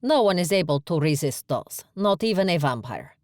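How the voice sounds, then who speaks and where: Woman voicing a calm, formal cafe owner. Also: on the low side, normal speed, no echo, clean studio sound. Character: calm, dignified woman who runs a cafe, motherly. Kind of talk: audiobook character voice.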